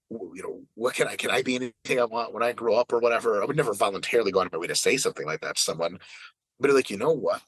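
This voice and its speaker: A man with a slightly husky voice chats on a podcast, and his pitch swings up and down as he talks. He swears freely and slips into quick impressions of other people. The sound is dry and close. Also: fairly bright tone, no echo, poor audio. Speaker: podcast host. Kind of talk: casual podcast conversation.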